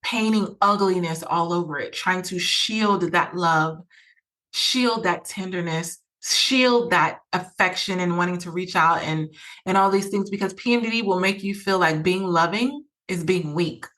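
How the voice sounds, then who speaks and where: A woman's voice: on the low side, measured pace, fairly bright tone. A woman hosting a podcast, talking earnestly and emphatically, often repeating phrases and acting out quoted thoughts. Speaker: podcast host. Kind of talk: personal advice talk.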